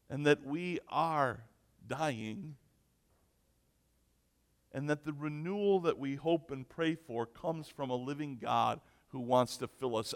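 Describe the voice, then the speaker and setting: A man preaching a sermon, slow and emphatic, moving between loud declarations and near-whispers. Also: on the high side, clear, resonant tone. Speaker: pastor. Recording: echoey hall.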